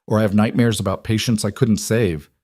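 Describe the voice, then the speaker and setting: A man doing a young woman doctor, guarded but earnest, speaking softly from a storybook. The voice sits low, the delivery sincere, and the sound is close and dry with no room around it. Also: steady tone, brisk, no echo, lightly acted. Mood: doubtful.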